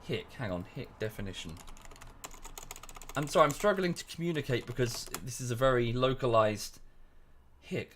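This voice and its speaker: A man's voice: medium pitch, big pitch swings, normal speed, fairly bright tone, slight background noise. A young English man chatting casually with his stream chat while playing a strategy game, often correcting himself mid-sentence. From England. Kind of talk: casual livestream chat over gameplay.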